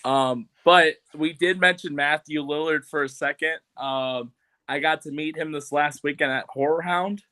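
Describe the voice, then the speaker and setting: Sitting back from the camera on a video call, this podcast co-host chats casually, full of fillers and cartoon voice impressions. He's a bit unwell, so his voice sounds slightly off; it runs on the high side, pushed and bright, with a steady tone and normal speed.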